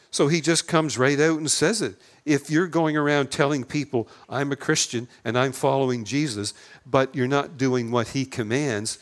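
An older man preaching a sermon in a plainspoken, conversational way, asking rhetorical questions and restarting a few words here and there. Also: medium pitch. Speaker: pastor.

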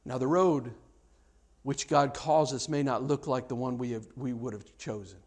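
A man's voice: medium pitch, normal speed. A man preaching a sermon, telling a story with acted-out dialogue and frequent stammered repeats.

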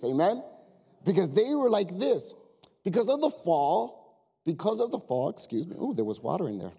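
A male pastor giving a lively, animated sermon, speaking directly to his congregation with jokes and quiet asides. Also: high-pitched, normal speed, creaky, husky.

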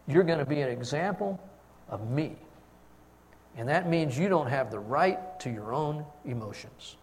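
Animated older man preaching in a hall. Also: on the high side, normal speed, long pauses. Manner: storytelling, animated, acts out quotes. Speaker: pastor. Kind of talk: sermon.

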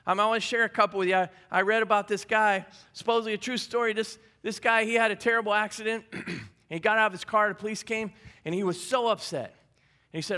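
High-voiced pastor preaching conversationally. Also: male voice, fairly even intonation, quick pace, bright, forceful tone, smooth. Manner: conversational, repeats key phrases, light humor. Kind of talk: sermon. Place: church service.

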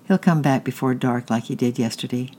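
A caring mother who speaks gently and explains things patiently, as a narrator puts her on. Her voice sits in a middling pitch, with a faint rumble underneath. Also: brisk, close to an everyday voice. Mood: gentle. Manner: gentle, reasoning.

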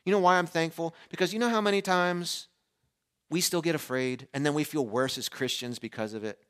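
A man in his forties preaching a sermon as pastor, animated and shifting between loud emphasis and hushed asides, in a church. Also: fairly high pitch, fairly quick, smooth. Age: 40s.

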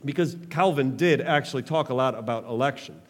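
A man's voice: mid-range voice, a little fast, long reverb tail. A man preaching a sermon as pastor, passionate, calling on the congregation to respond.

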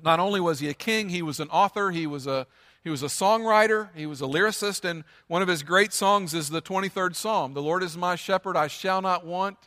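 Bright, high-voiced man preaching a sermon. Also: fairly quick, big-room sound. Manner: earnest, emphatic preaching with repetition. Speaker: pastor.

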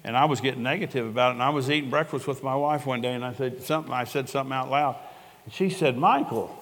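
A man's voice: mid-range voice, steady tone, fast talker, a bit bright. An older man, a pastor, preaching a sermon in an earnest, conversational way and telling stories with quoted dialogue. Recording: long reverb of a large hall.

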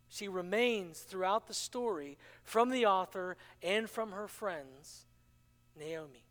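A man's voice: sits high, fairly bright tone. A man preaching a sermon in a dramatic manner, acting out the quoted dialogue. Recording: long hall reverb.

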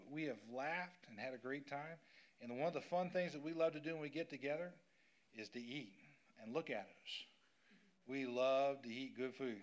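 A middle-aged male pastor telling a personal story during a sermon, acting out what people said. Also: mid-range voice. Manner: animated storyteller acting out quotes.

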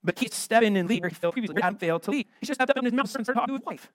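Fast-preaching American man, high voice. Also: lively intonation, no echo. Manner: fast, emphatic preaching with rhetorical questions. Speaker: pastor. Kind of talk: sermon.

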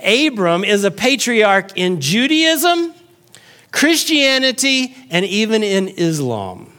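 High-pitched male pastor, casual joking sermon, from north texas. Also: sing-song, takes it slowly, bright, forceful tone. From North Texas Panhandle. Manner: jokey, conversational preaching.

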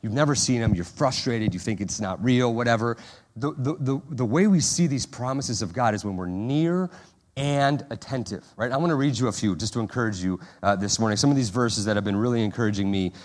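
A man preaching a sermon to his congregation in a conversational way, often asking "right?" and restarting his sentences, and acting out prayers and quotes with more energy. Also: a little fast. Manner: animated, acts out prayers and quotes in a higher, louder voice. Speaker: pastor.

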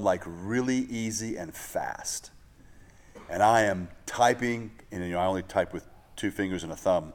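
A low-pitched male pastor leads a Bible study in a loose, conversational way. He drifts into asides and pokes fun at himself. His voice carries through a roomy, echoey space. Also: measured pace. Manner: relaxed, digressive, self-deprecating asides. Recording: echoey room.

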